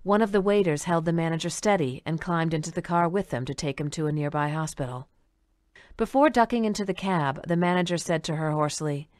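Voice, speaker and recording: A woman reads a story aloud in a calm, even way. Her voice sits on the low side for a woman, and the recording is close and dry, with no room around it. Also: fairly quick, dry recording. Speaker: narrator. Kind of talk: audiobook reading.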